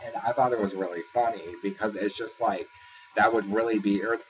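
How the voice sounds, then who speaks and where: A man's voice: fairly low pitch, steady tone, fairly quick, background noise. A man casually recapping a reality show episode in a rambling, filler-heavy way. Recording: distant, dull lo-fi sound with faint ambience.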